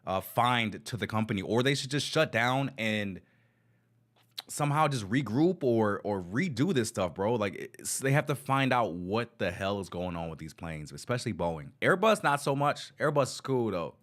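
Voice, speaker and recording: A man's voice: lowish voice, very animated, moderate pace, fairly bright tone. Slangy man reacting to travel news. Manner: slangy, says bro a lot. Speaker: travel news streamer host. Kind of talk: casual reaction commentary. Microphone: desk microphone.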